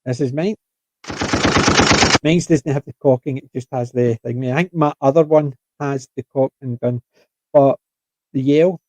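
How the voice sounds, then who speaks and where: A man's voice: mid-range voice, measured pace, pauses often, dark tone. A man, a podcast co-host, rambling enthusiastically in casual chat.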